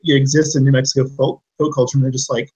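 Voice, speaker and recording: A man co-hosting a podcast in casual chat, rambling through animated tangents with many fillers. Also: mid-range voice, quick pace, breathy edge, highs cut off. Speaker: podcast co-host.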